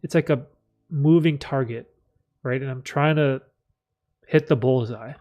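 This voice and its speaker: A man hosting a live stream, chatting candidly in a rambling, reflective way with many fillers, often clearing his throat. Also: mid-range voice, unhurried, mellow, highs cut off. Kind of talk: casual live stream chat, reading chat.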